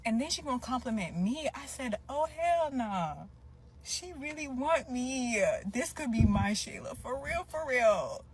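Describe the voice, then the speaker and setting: Gushing, animated woman in a clip. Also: sits high, slightly rough. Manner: animated, gushing, playful, drawn-out exclamations. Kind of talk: casual confessional video.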